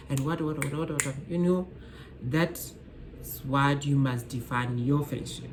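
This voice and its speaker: A young woman with a South African accent chatting casually to her phone camera. Her voice sits notably low, and she talks emphatically, repeating her points and turning to her viewers directly. A faint hiss of noise sits under her voice. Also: fairly even intonation, normal speed. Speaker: vlogger. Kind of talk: casual advice chat to camera. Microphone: phone camera mic.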